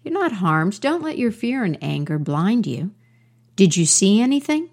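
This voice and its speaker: A woman voicing a calm, wise male frog who speaks gently and instructively in a storybook tale. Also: mid-range voice, moderate pace.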